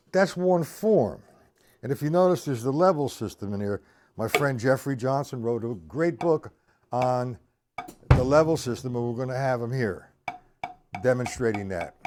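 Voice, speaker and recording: A man's voice: mid-range voice, noisy background. A man teaching drum rudiments on a live stream, counting beats aloud and chatting with viewers in the chat.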